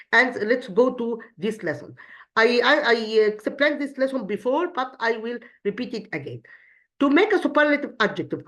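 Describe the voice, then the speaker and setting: A woman, an Arabic speaker, teaching an English lesson in a halting way, repeating words and asking questions that she answers herself. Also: medium pitch, muffled recording. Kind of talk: recorded classroom lesson.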